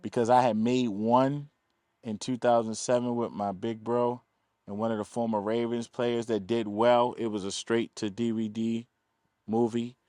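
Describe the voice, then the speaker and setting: Man from telling lively stories. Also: mid-range voice, normal speed, dry recording, clean studio sound. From East Baltimore, USA. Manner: animated, acts out quoted voices, laughs often. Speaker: film producer, guest. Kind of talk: casual interview storytelling.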